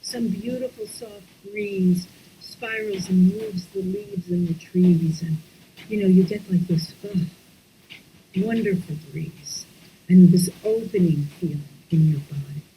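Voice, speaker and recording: Female somatics teacher, slow and mellow, half-whispered guidance over a computer mic. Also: mid-range voice, a little hiss or hum, poor audio. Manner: slow, soft-spoken, often drops into whispers. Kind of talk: guided breathwork lesson.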